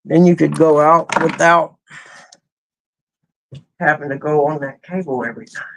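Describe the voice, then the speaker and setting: A man's voice: fairly high pitch, fairly even intonation, moderate pace, creaky, a bit bright, slight background noise. A man talking casually to his dogs in a rambling, folksy way during a live stream, in his backyard and doorway at sunrise. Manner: folksy with country grammar. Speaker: vlogger.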